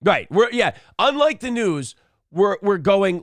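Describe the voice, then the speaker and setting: A man's voice: sits high, sing-song, a little slow, no room sound, studio quality. A man co-hosting a morning talk show, joking crudely and reading chat comments aloud. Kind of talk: irreverent comedy chat.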